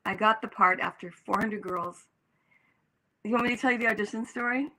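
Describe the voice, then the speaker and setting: Older woman, actress guest, animated storytelling, bright crisp tone, acts out quoted voices. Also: mid-range voice, fairly quick, low-quality recording. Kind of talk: storytelling in an interview.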